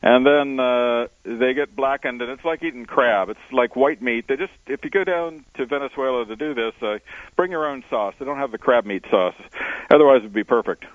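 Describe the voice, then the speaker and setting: A male explorer and author, a guest on a radio interview, telling adventure stories in a relaxed way with many "uh" fillers, heard over a phone line. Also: mid-range voice, moderate pace, no echo. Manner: relaxed storyteller with frequent uh fillers. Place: on location, not in studio. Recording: dry tinny phone line.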